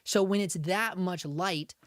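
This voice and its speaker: A man's voice: sits high, unhurried, fairly bright tone, no echo, clean studio sound. A man hosting a livestream, chatting casually and rambling as he teaches camera exposure, with lots of slang fillers. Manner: loose, rambling, heavy on filler slang like bro and dude. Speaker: livestream host, cinematographer.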